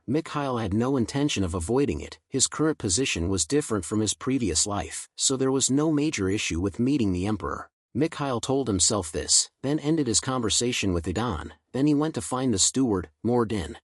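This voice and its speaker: A man's voice: medium pitch, no room sound. Man, recap narrator, mid voice, dry close sound. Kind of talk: scripted story narration.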